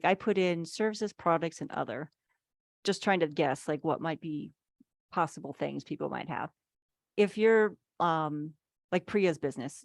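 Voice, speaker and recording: A woman's voice: sits low, creaky, no room sound, clean studio sound. A woman giving a casual online workshop on business finances, chatty, full of "like"s and playful acted asides, speaking over a video call.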